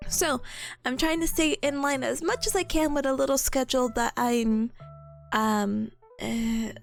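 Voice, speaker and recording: Bubbly high-voiced woman, a bit hoarse. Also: steady tone, unhurried. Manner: bubbly, playful, giggly. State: hoarse from coughing. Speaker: VTuber streamer. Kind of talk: casual livestream chat. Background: faint background music.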